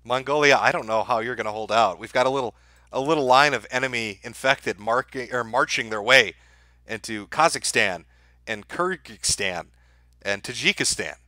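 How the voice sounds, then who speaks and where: A man's voice: medium pitch, normal speed, bright, forceful tone, no room sound, clean studio sound. A man hosting a live stream, talking to his chat in a sarcastic, crude and profane way.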